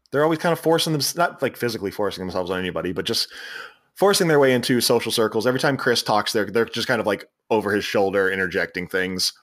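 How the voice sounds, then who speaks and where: Medium in pitch and a touch bright, this Philadelphia-accented man is co-hosting a casual podcast about movies. His plot recap wanders, broken up by laughter and many restarts.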